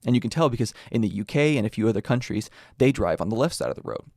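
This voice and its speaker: A young man from the United States talks through an argument in a steady, earnest way, dropping in casual asides. His voice sits low. The recording is dry and close, with no room sound. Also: racing, vocal fry, no echo. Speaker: podcast host. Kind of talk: scripted explanatory talk.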